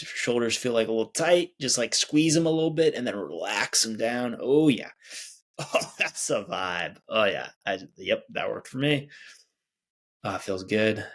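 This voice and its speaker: A man's voice: fairly low pitch, gravelly. A man hosting his own show, leading a casual, chatty guided body scan meditation with sighs and small laughs. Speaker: podcast host.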